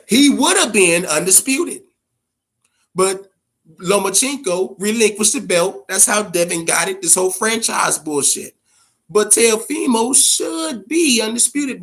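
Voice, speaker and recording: A man's voice: sits high, fairly bright tone. Profane, blunt man ranting about boxing. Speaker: boxing commentary vlogger. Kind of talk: casual opinion rant.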